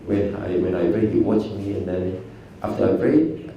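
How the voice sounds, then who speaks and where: A man's voice: deep voice, moderate pace, muffled recording. A man, an aikido teacher telling stories to an audience in simple, broken with a chuckle. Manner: lively storytelling in simple broken English, chuckling. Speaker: aikido teacher giving a talk. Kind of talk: storytelling talk to an audience. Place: cafe venue. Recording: very echoey room, distant mic, faint noise.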